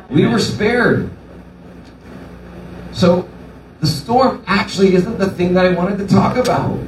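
A man's voice: fairly high pitch, a little mellow, a little hiss or hum. A male pastor giving a sermon, telling the story animatedly and putting on voices for the people in it. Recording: echoey room from far off.

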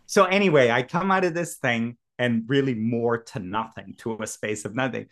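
A man's voice: medium pitch, unhurried, fairly bright tone. A man, a podcast guest, telling a personal story with lots of expression, laughing often and acting out both sides of a conversation.

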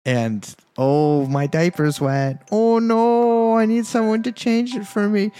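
A man voicing a whiny grown man acting like a baby in a put-on high baby voice, babbling and silly. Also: takes it slowly, warm tone, clean tone.

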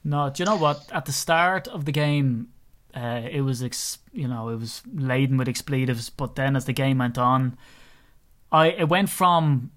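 A man's voice: medium pitch, unhurried, fairly bright tone. A young Irish man co-hosting a sports podcast, telling rambling stories and laughing often in casual chat. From Ireland. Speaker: podcast co-host.

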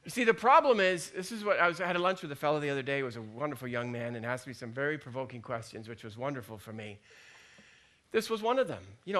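A pastor preaches a conversational sermon in a folksy, chatty style, joking and acting out the voices in his head. He speaks fast with a mid-range, sharp-toned voice and lively intonation.

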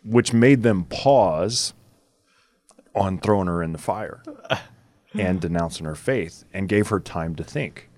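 A man's voice: deep voice, takes it slowly, pauses often, darkish tone. A man hosting a podcast, telling a story in casual chat with many fillers and frequent laughs. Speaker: podcast host.

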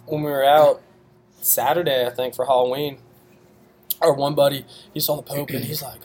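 A man's voice: medium pitch, little pitch movement, normal speed, a little mellow, a little hiss or hum. A young man co-hosting a casual chat, telling laid-back stories and laughing along. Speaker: podcast co-host.

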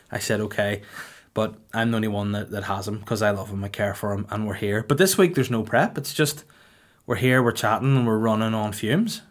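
Male podcast host, 30s, deadpan and teasing, mid-range voice. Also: mid-range voice. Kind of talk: casual podcast chat.

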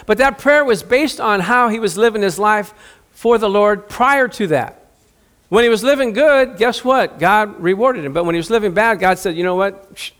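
A middle-aged male preacher with a high-pitched voice delivers an animated sermon. He jokes with the congregation and plays out the lines of Bible characters.

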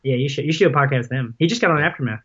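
A man's voice: mid-range voice, rapid-fire, fairly bright tone. A man talking as a podcast guest in casual conversation, telling stories in a rambling way, full of "like" and "um". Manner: rambling storyteller, heavy use of "like" and "um". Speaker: podcast guest, paintball player and vlogger. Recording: dull lo-fi sound.

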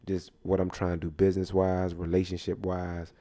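A man co-hosting a podcast, from Jamaica, bantering playfully and putting on a loud, mock-stern teacher act. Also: low voice, monotone, normal speed. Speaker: podcast co-host.

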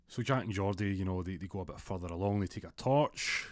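A young man tells a spooky story in a loose, rambling way, often restarting his sentences. His voice sits on the low side. The recording is dry and close. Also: fast talker, hardly any pauses, no room sound. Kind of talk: casual spoken storytelling.

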